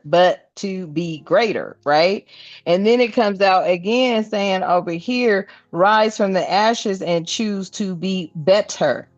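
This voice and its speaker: A woman's voice: medium pitch, dry recording, highs cut off. A woman giving a casual spiritual card reading, laughing often and calling her viewers family. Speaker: spiritual reader.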